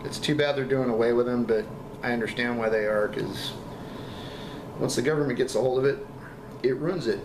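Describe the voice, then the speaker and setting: A man giving a casual product review, talking in halting, enthusiastic bursts and coughing now and then from a lingering cough. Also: mid-range voice. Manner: halting, repeats words, enthusiastic. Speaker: vape juice reviewer. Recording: echoey room with background noise.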